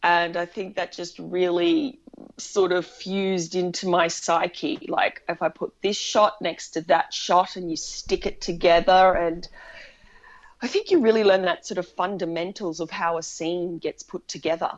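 A woman's voice: on the low side, steady tone, unhurried, lo-fi sound. A woman film director, chatting animatedly in an interview and telling stories with laughs. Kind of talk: casual interview conversation.

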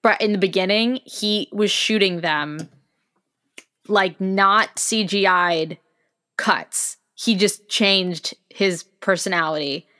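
A woman's voice: medium pitch, slow, bright, forceful tone. A woman co-hosting a podcast in casual chat, enthusiastic and talkative, with many fillers and restarts. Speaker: podcast co-host.

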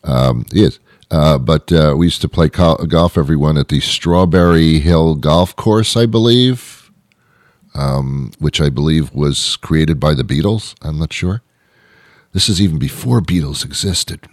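A man with an extremely deep voice rambles through a comic monologue as a show host. He trips over his own words and swings into mock outrage. The sound is close and completely dry, with no room at all. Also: measured pace, no echo.

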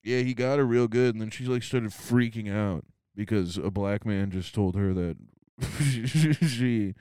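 A man's voice: fairly low pitch, unhurried, dark tone, clean tone, dry recording, clean studio sound. A young man co-hosting a casual comedy podcast, crude and laughing often, slipping into funny voices for quoted people. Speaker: podcast co-host.

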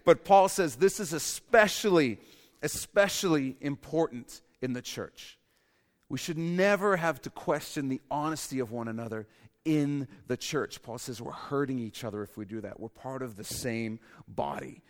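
A male pastor giving a sermon in an animated way, with humorous asides and bursts of loud emphasis. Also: medium pitch, moderate pace, big-room sound.

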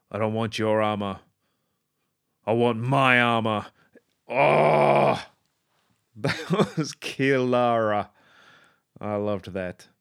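An Australian man with a somewhat low, clear and smooth voice rambles excitedly through a casual review. He stumbles and restarts often, full of ums. The sound is close and dry. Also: no room sound. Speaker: pop culture commentator.

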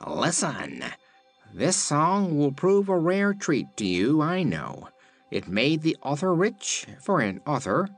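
A man's voice: on the high side, very animated, slow, soft background music, voice pushed up, heavily acted. A man voicing a sulky talking phonograph. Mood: sulky, boastful. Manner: sad then indignant, sulky. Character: sulky talking phonograph machine, male, proud of its songs.

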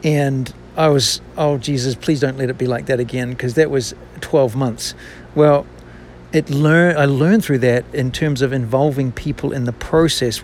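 A man's voice: mid-range voice, darkish tone, a little hiss or hum. A man, a business owner and former banker, telling a personal faith story in a candid, self-deprecating and reflective way.

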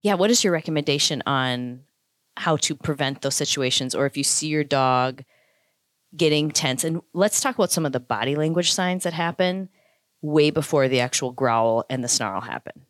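A woman with a notably low voice hosts a podcast, chatty and quick to agree as she asks her guest questions. Her voice sits dry and close to the mic. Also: no echo. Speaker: podcast host. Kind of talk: podcast interview.

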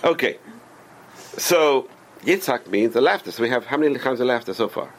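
A man teaching a religious class as a rabbi, animated and full of rhetorical questions to his students. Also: mid-range voice, normal speed.

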